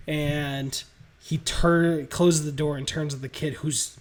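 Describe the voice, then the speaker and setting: Man pitching a movie plot casually. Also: slow. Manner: animated storytelling, laughs between beats. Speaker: podcast host.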